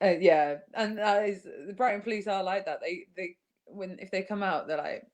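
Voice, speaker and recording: A woman's voice: mid-range voice, moderate pace. A woman in a casual conversation, making her points earnestly and with emphasis. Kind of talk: casual chat.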